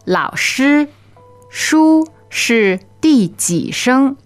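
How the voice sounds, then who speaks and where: Very slow, high-voiced woman co-host. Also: big pitch swings, soft background music. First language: Chinese. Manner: slow, careful model pronunciation. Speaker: podcast co-host. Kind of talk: language lesson podcast.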